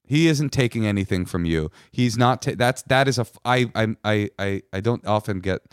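A man's voice: fairly low pitch, moderate pace, smooth, no echo, clean studio sound. Blunt, swearing male podcast co-host. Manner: blunt, emphatic, swears freely. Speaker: podcast co-host giving advice. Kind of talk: casual advice chat.

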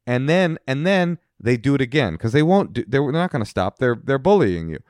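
A man co-hosts an advice podcast in a casual, animated way. He acts out quarrels with relatives in quick put-on voices, at a middling pitch. The recording is close and dry. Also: dry recording. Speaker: co-host giving advice.

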